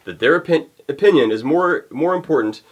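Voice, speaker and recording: A fired-up male vlogger rants straight to his viewers, exasperated and repeating words as he pushes his point. His pitch swings widely and sits a touch high for a man. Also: animated, a little fast. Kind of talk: heated rant to camera.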